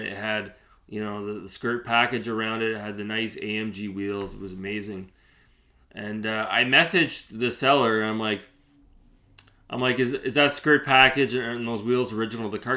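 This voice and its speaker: A man's voice: mid-range voice, sharp tone. A man hosting his own channel, telling a story to camera in a chatty way, with many fillers and restarts. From Canada. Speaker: gaming channel host.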